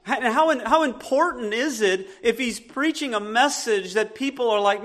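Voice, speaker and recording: A man's voice: very high voice, normal speed, hardly any pauses, fairly bright tone. A man with a Southern US accent preaching a sermon as a pastor, earnest and emphatic, often restarting his sentences.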